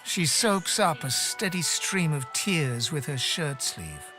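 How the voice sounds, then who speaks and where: A man narrating a game in a measured, descriptive way. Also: on the high side, sing-song, music in the background. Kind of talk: scripted narration.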